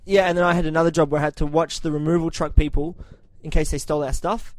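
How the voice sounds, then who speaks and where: In a recording with no echo, a man hosting a podcast speaks at a quick pace with a voice on the high side. Swearing freely, he tells a long anecdote in casual conversation and acts out the others in it with animated quoted voices.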